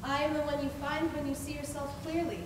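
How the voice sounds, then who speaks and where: Young actress as scatterbrained kindly fairy, school play, high-pitched, long hall reverb. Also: female voice, little pitch movement, brisk, background noise, natural voice. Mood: gentle. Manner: gentle, coaxing. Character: kind, scatterbrained female mirror fairy. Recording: echoey hall, far off.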